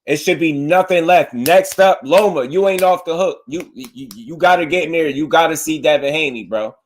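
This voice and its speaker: A young man hosting a casual boxing livestream, animated and slangy, talking straight to his chat. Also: a little high, moderate pace, slight background noise.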